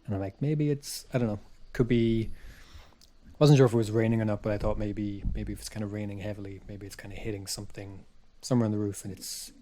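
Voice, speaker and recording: A man casually telling a spooky story on a podcast, rambling with restarts and dropping to a hush for his own thoughts. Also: fairly low pitch, flat delivery, fast, hardly any pauses, slight background noise. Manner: rambling, restarts, quiet asides when recalling his thoughts. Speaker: podcast co-host.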